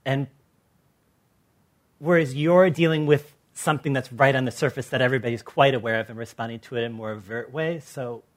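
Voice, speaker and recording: An American man from Los Angeles, an artist on a panel discussion, telling stories in an animated way and acting out the people he quotes. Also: medium pitch, a little fast. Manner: animated storyteller who acts out quoted people.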